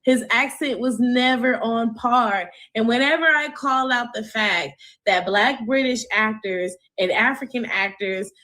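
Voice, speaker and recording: A woman with a fairly high voice states her opinion bluntly. She takes her time and does not soften her points. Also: a little slow, hardly any pauses. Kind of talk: opinionated commentary.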